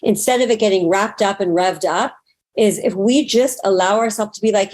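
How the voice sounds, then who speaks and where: Frank, animated woman spiritual teacher. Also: medium pitch, normal speed. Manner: frank and animated, swears casually; acts out inner self-talk in quoted asides. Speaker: spiritual teacher and astrologer guest. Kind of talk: casual interview talk.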